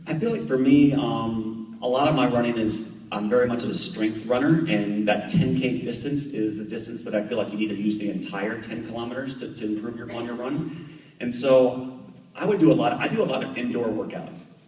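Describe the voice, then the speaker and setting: A man's voice: medium pitch, brisk. A man in his thirties, a triathlete guest speaker, telling jokey stories to a club meeting. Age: 30s. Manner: chatty, jokey, animated anecdotes. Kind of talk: storytelling talk to a club. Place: meeting room. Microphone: far camera. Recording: echoey room from far off.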